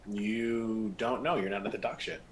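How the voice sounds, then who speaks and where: A man narrating as game master of a tabletop role-playing game, relaxed and descriptive. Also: lowish voice, normal speed, a little hiss or hum, low-quality recording.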